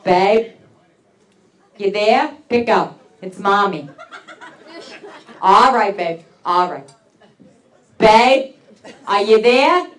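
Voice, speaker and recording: A woman's voice: mid-range voice, drawn-out words, pauses often, reverberant, recorded from a distance, pitched below the performer's own voice. A woman comic imitating her nagging mother leaving coaxing phone messages that keep calling her "babe". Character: nagging Italian-American mother on answering machine.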